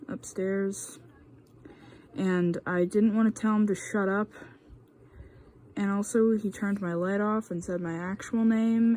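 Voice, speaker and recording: A woman's voice: medium pitch, warm tone, slight background noise. A woman giving sarcastic, exasperated commentary over her drawing, recorded on a phone at home. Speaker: art vlogger. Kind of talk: speedpaint commentary. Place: house, indoors.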